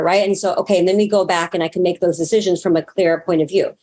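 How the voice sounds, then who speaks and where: This spiritual teacher and astrologer guest talks quickly and almost without pauses, her mid-range voice fairly even and a little mellow. In a casual interview she speaks frankly, swears at times, and acts out her inner monologue in quoted asides.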